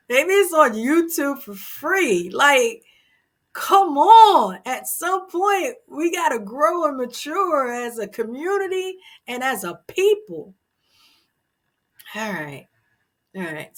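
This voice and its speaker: A woman hosting a motivational talk, speaking earnestly and emphatically to her viewers, with sudden loud, emotional bursts. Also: fairly high pitch. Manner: preachy and earnest, talks straight to the viewer. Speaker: host.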